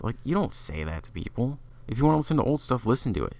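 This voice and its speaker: A man's voice: fairly low pitch, lively intonation, racing, hardly any pauses. A man giving a casual, opinionated music review, talking loosely with lots of fillers. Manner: opinionated, chatty, filler-heavy.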